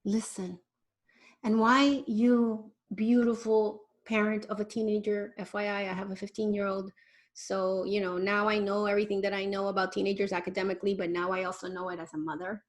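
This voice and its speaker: Animated woman giving a parenting talk. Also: mid-range voice, a little fast. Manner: animated, speaks straight to parents with rhetorical questions; conversational, with fillers and restarts. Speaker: parenting educator. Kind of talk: online parenting lecture.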